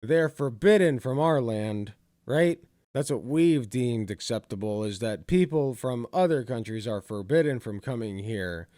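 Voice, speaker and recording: A male commentator reacts to a clip in an exasperated, sarcastic rant, swearing freely. His voice sits at a middle pitch and is recorded dry and close. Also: animated, normal speed, hardly any pauses, mellow, no echo. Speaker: commentary host.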